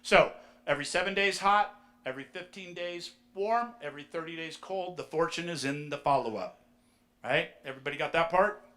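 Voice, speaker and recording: A man speaking to a live conference audience about real estate, energetic and storytelling, addressing the room directly. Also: fairly high pitch, fairly quick.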